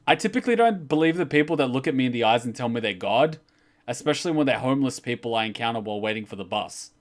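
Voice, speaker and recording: A man, an anime reaction channel host, telling a personal story in a casual, animated way, swearing freely and getting louder when excited. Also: medium pitch, quick pace.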